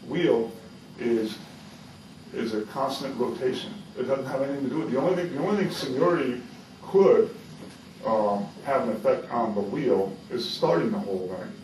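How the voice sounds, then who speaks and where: Role: union negotiator. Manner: argumentative, halting. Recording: far from the mic, roomy, noisy. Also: male voice, medium pitch, darkish tone. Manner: argumentative, halting with many fillers. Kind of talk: contract bargaining session. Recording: distant, roomy, noisy meeting-room recording.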